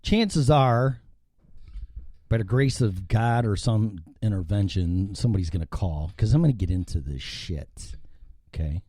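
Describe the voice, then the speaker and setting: Ranting guy hosting a talk show, swears a lot, bouncy animated delivery, dry close sound. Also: fairly low pitch, unhurried, dry recording. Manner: profane, rambling and ranting. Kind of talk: live opinionated talk show. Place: indoors, studio corner.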